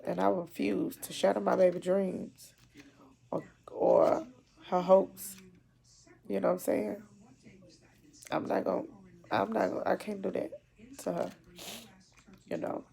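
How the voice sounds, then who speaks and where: Woman, gravelly, mellow and dark, emotional, halting, repeats herself, video diary. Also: lowish voice, level tone. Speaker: mother.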